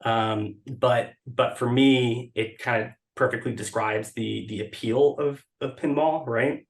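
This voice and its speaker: A man's voice: medium pitch, steady tone, unhurried. A man speaking as a guest over a video call, talking casually with many fillers and restarts. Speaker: podcast guest, blog editor. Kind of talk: casual interview talk.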